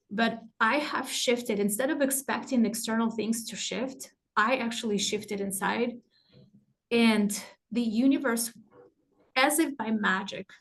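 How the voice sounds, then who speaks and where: A middle-aged woman teaching a live online workshop, animated and laughing often as she acts out inner thoughts. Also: medium pitch. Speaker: masterclass teacher.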